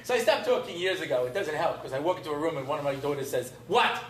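A man's voice: a little high, animated, rapid-fire. A middle-aged man teaching a class as a rabbi, in a humorous, rambling lecture style that mixes in Hebrew terms. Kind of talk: informal Torah lecture. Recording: roomy echo, faint room noise.

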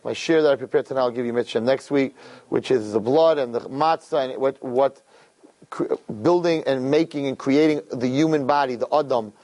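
In a low-quality recording, a man with a mid-range voice speaks slightly quickly. His weekly religious class is full of storytelling, and he stays animated, repeats himself a lot, and addresses the audience head-on.

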